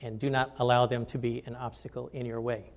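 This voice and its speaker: A man's voice: medium pitch, level tone, a little fast. An older man, a physician and military officer, telling personal stories in a conversational, earnest way with frequent restarts, recorded for camera. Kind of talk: reflective storytelling talk.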